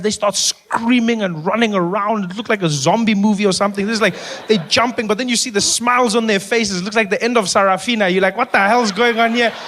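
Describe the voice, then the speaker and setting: A man performing animated stand-up storytelling on a comedy stage. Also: high voice, a little hiss or hum.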